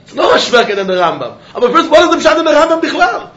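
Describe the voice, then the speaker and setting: High-voiced man giving a lively Talmud lecture. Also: highs cut off. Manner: animated, sing-song reasoning with quick laughs. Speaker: Talmud teacher.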